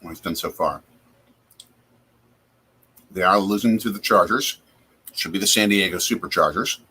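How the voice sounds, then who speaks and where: A man's voice: sits low, normal speed, sharp tone, husky. A man from Wisconsin hosting a casual live chat over a football game from his home basement, reacting aloud to plays. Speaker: host.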